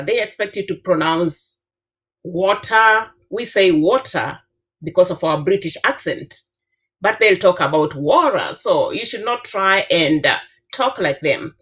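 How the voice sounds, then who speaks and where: A Kenyan woman in her fifties, a professor with a Kenyan accent, giving earnest advice on a panel with frequent filler pauses. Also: lowish voice. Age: 50s. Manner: earnest, advising, many filler uhs. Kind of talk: panel discussion answer.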